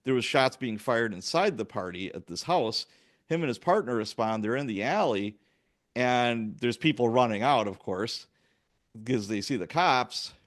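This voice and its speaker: Man, police officer, casual storytelling, mid-pitched voice, animated, acts out dialogue. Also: normal speed.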